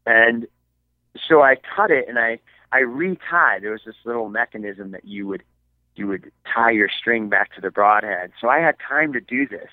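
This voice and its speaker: A man's voice: mid-range voice, animated, normal speed, dry recording. Man telling stories on a tinny line. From Michigan, United States. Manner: rambling, many fillers and restarts. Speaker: podcast guest, archery filmmaker. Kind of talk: casual storytelling. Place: his basement at home.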